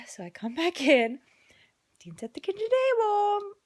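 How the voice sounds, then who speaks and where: A woman's voice: very high-pitched, big pitch swings, measured pace, a little mellow, dry recording. A worn-out mother telling a casual vlog story about a long night, chatty and often dropping into a whisper. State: exhausted. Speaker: mother vlogging. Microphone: phone camera.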